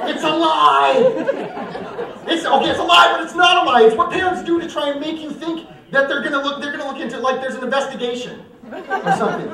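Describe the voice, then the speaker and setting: A young man performing live stand-up comedy, self-mocking and animated. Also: very high-pitched, fast talker, a crowd in the background. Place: church coffeehouse stage. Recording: roomy hall, mic far off.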